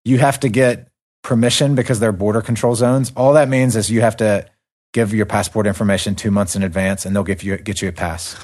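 A man's voice: fairly low pitch, fairly even intonation, a little fast, a little mellow, no room sound, clean studio sound. A man with an American Southern accent who hosts a podcast and explains things with enthusiasm in a casual chat. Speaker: podcast host.

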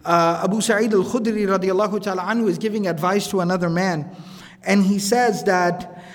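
A man teaching a recorded religious lecture, speaking conversationally, reciting Arabic quotations quickly and often checking in with "right?". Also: high-pitched, steady tone. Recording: lecture hall with long reverb.

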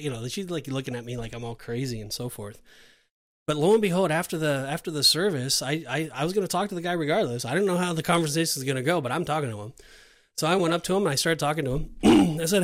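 A man's voice: on the high side, fast. A middle-aged man on a podcast, telling a story in casual chat and acting out the dialogue. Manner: animated storyteller, acts out dialogue. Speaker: podcast co-host.

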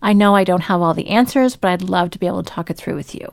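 A woman talking through workplace advice in an animated way, acting out the voices she quotes. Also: fairly low pitch, fast talker, gravelly, no echo, clean studio sound. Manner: animated, acts out quoted voices, laughs often. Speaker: business speaker giving workplace advice. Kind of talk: advice talk to camera.

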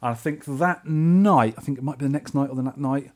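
A man with a London accent rattles through a travel story on a podcast, talking fast and easily. He is animated and slips into voices for the people in his tale. His pitch sits mid-range for a man. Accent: English, London. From England. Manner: animated, acts out quoted voices. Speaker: podcast co-host. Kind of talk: casual storytelling chat.

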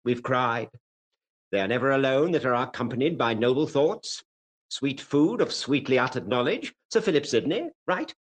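A smooth-talking fire captain who never stops needling, as a man acts him out in an old radio play. His voice sits at a middling pitch but rises and falls a great deal as he quotes poets and teases. The manner is theatrical and sly. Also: animated, normal speed, close to an everyday voice, rough recording. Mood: mocking. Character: silky, mocking male fire captain who loves quotations. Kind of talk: vintage radio drama acting.

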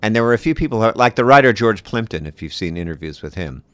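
A man in casual conversation about acting and accents, animated and quick to laugh. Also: lowish voice, clear, resonant tone, dry recording. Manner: animated, laughs often, mimics voices in passing. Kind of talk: casual chat.

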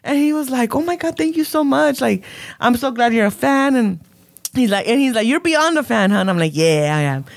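A woman's voice: fairly high pitch, a little fast, vocal fry, dry recording, studio quality. A woman, telling a story in casual chat and switching between English and as she acts out what people said. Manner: animated storytelling, switching between English and Spanish, acting out quotes.

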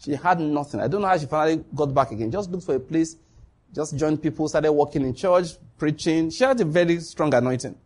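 A man delivers a sermon in an animated storytelling manner, acting out dialogue and laughing often. His voice is fairly high and has a husky edge. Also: fairly quick. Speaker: preacher.

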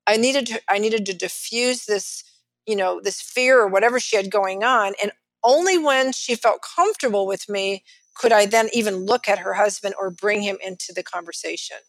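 A middle-aged financial advisor with a Texan accent, telling stories lively in an interview and acting out the people she quotes. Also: mid-range voice, moderate pace, dry recording. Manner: animated, acts out quotes of others. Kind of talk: storytelling in a podcast interview.

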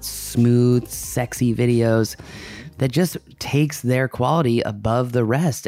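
A man's voice: mid-range voice, a little mellow. Upbeat, rambling male podcast host. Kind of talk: casual podcast chat.

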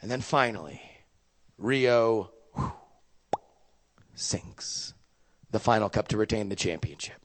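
A young man doing stand-up storytelling, profane and animated, with sudden loud bursts. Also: fairly low pitch, moderate pace, in a large hall. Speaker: stand-up comedian.

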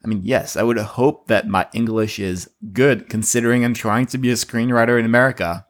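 A man's voice: medium pitch, fairly even intonation, a little fast. A man co-hosting a podcast, chatting casually in a wry way and laughing between words. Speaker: podcast co-host.

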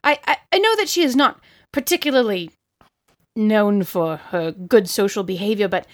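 Flustered Regency gentleman voiced by a woman, formal, stammering. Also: medium pitch, expressive, normal speed, natural voice. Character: young male Regency gentleman, earnest, flustered friend.

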